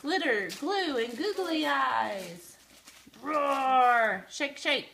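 A woman's voice: sits high, lively intonation, slow pace, fairly bright tone. A mother reading a picture book aloud to her child at home, playful and sing-song, with growled roars. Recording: noisy home video.

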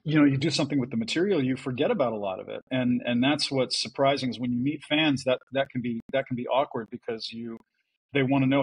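Husky-voiced male voice actor telling stories. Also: medium pitch, fast talker, rough recording. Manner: animated, acts out quotes in voices. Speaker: voice actor guest. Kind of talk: casual podcast storytelling.

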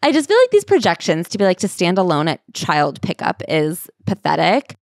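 A woman co-hosting a comedy book podcast, bluntly mocking the memoir with scorn and quick laughs. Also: lowish voice, wildly swooping pitch, darkish tone, dry recording, clean studio sound. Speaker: podcast co-host. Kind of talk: casual comedic book recap.

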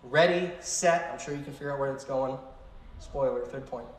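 A young man giving a youth sermon as pastor, casual and conversational, telling stories with animated asides. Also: mid-range voice, normal speed, reverberant, slight background noise, low-quality recording.

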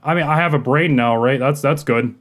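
A man hosting a horror game playthrough, talking to himself in jumpy, profane commentary that swings from muttering to yelling. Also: mid-range voice, a little fast. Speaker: gaming video host.

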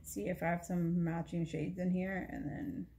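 A woman's voice: lowish voice, little pitch movement, normal speed, warm tone. A woman beauty vlogger talking casually as she shows her makeup, chatty and rambling, often correcting herself mid-sentence. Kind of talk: casual chat showing makeup.

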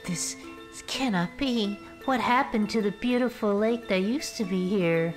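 A man voicing a young woman who speaks in a soft, shaken way. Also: high voice, measured pace, soft background music, pitched above the performer's own voice. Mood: dismayed.

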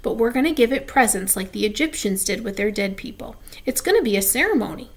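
A woman's voice: fairly high pitch, lively intonation, fast talker, close to an everyday voice. A woman voicing an imaginative, theatrical young schoolgirl with a mysterious air. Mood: earnest.

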